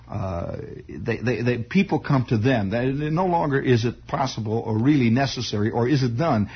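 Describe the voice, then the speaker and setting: A man telling a personal story in a halting, rambling way, full of restarts and asides. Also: medium pitch, breathy edge. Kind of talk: spoken storytelling monologue. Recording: dull lo-fi old recording.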